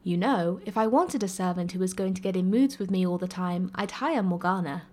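A woman's voice: fairly low pitch, fairly quick, a little mellow, close to an everyday voice. A woman voicing a self-assured young male prince in a read-aloud story, speaking in a smug, teasing way.

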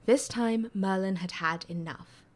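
A woman reading a story aloud in a steady, expressive way. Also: medium pitch, measured pace. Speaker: story reader. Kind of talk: reading fan fiction aloud.

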